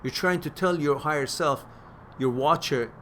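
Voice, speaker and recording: A man hosting a question-and-answer stream, giving casual spoken advice that turns animated as he stresses points and repeats words. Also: fairly high pitch, moderate pace, a little hiss or hum. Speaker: host answering viewer questions.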